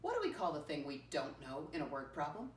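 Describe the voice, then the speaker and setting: A woman's voice: deep voice, huge pitch swings, slight background noise. Patient woman teaching first graders. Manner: patient call-and-response teaching, slowly spelling out words letter by letter; keeps addressing children as "my friends". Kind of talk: classroom math lesson for young children. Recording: echoey room, voice from a distance.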